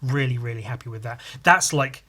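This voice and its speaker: A comic artist talks through his pages in a loose, rambling way, full of enthusiasm and casual swearing. His voice is bright and forward, at an average pitch for a man. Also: a little fast. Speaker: comic artist and podcast host. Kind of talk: casual chat about his own artwork.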